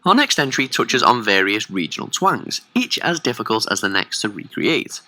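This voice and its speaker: A man reads a scripted countdown narration, his voice swooping widely up and down. The tone is bright and crisp, measured and smooth throughout. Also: mid-range voice, sing-song.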